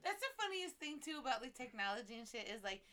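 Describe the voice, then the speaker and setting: A woman's voice: fairly high pitch, big pitch swings, fast talker, over a noisy crowd. A woman co-hosting a casual, profane podcast, telling blunt stories with lots of laughter. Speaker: co-host.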